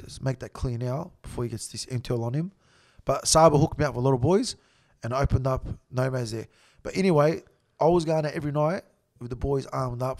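A middle-aged Australian man telling a story as a podcast guest, blunt and animated, swearing heavily. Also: medium pitch.

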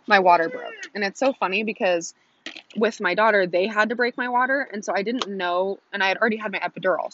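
A woman's voice: mid-range voice, fairly bright tone, no echo, lo-fi sound. Chatty young woman telling a story. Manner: chatty, frequent "like", acts out quotes. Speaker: vlogger. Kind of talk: casual storytelling to viewers.

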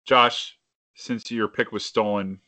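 A man's voice: on the low side, steady tone, takes it slowly, bright, forceful tone, no echo. A man with a Philadelphia accent co-hosting a casual sports podcast, brash and joking, swearing freely. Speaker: podcast co-host.

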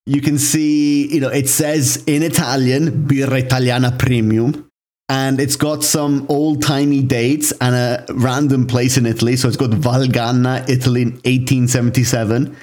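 A young man co-hosting a podcast, talking easily at a middle pitch. He tells his stories in a loose, chatty way and fills them with casual asides. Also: normal speed. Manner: relaxed storytelling, frequent "like" fillers. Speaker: podcast co-host. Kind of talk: casual chat.

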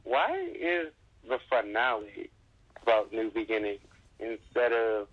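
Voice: mid-range voice, animated, unhurried, husky, muffled recording. A guest on a podcast who jokes and teases the other speakers. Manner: joking, teasing. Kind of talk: casual podcast chat.

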